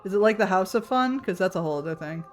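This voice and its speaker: A woman's voice: mid-range voice, lively intonation, quick pace. A woman streamer in casual chat with her viewers, talking loosely, laughing often and reading chat messages aloud. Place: home room.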